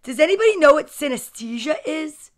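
Now she sounds animated and a little fast, her voice high-pitched as she hosts the casual livestream book reading. Chatty and gushing, she greets viewers by name between stories.

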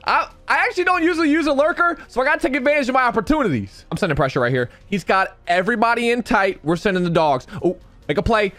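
Young male gamer commentator, high voice with wild pitch swings, cracking and strained, dry close mic. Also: fast, hardly any pauses, no room sound, soft background music. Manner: excitable, talks to viewers, repeats phrases. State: voice cracking, losing his voice. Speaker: gaming YouTuber. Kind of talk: live gameplay commentary.

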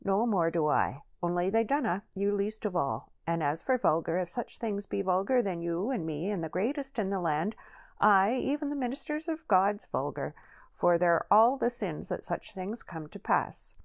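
A woman's voice: mid-range voice, expressive, normal speed, creaky, no room sound, pitched above the performer's own voice. A woman reading aloud as a blunt, scolding older countrywoman in an audiobook.

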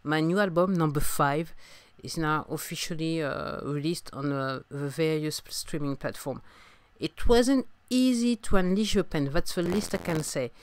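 Low-voiced and moderately paced, with no echo, a woman from France talks in a French accent on her casual solo podcast. She's recovering from a sore throat, so she coughs, hesitates, fills pauses and restarts often. Besides hosting the podcast, she's a singer-songwriter.

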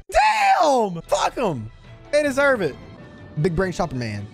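A woman hosting an anime reaction channel, commenting live with excitable shouts, laughter, slang and lots of swearing. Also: lowish voice, a little slow, faint music behind.

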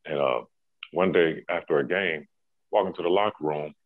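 Super deep voiced middle-aged guy telling hoops stories, laid back, dry tinny sound. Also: normal speed, dry recording. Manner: laid-back, laughing storyteller with many "you know"s. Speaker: former pro basketball player, guest. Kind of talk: casual storytelling.

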